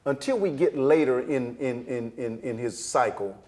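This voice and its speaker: A middle-aged man with a Southern US accent, a stage director telling lively stories in a panel conversation and acting out the voices of the people in them. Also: mid-range voice, normal speed. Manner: animated storyteller, acts out voices, Southern-flavored speech.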